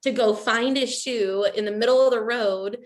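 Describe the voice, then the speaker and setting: A woman's voice: on the high side, moderate pace. A woman telling a story in a rambling way, full of fillers and "you know". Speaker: coach's wife. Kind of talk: casual storytelling.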